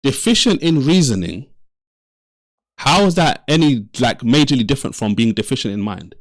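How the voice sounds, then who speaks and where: A man's voice: medium pitch, expressive, moderate pace, no room sound, studio quality. A man hosting a live debate stream, arguing heatedly and often repeating himself as he talks over the other speaker. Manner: interrupts, repeats himself insistently. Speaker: livestream debate host.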